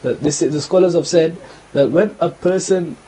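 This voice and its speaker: A man co-hosting a religious talk show, explaining a teaching in a measured way and checking in with his listeners. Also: a little high, dark tone, husky, poor audio.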